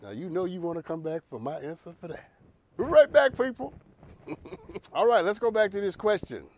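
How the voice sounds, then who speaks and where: A man hosting a talk show, giving advice in an animated, preacher-like cadence. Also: high-pitched, normal speed.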